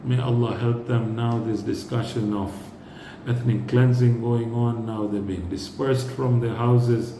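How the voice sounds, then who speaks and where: A man's voice: mid-range voice, steady tone, a little slow. A man giving a religious lecture, explaining step by step and often checking in with his listeners. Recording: roomy echo with faint noise.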